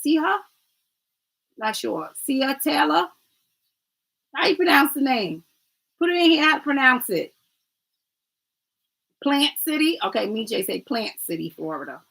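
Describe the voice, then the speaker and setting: A woman's voice: high-pitched, very animated, moderate pace, gravelly, a bit bright, husky, poor audio. A woman doing a casual livestream oracle card reading, chatty and rambling, who often adds "right?", calls viewers "family" and stumbles over names.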